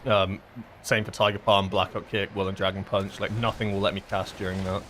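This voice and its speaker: A man's voice: sits low, flat delivery, a little fast, fairly bright tone, slight background noise. A man streaming a game and explaining mechanics in a casual, rambling way with lots of fillers. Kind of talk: casual gameplay commentary.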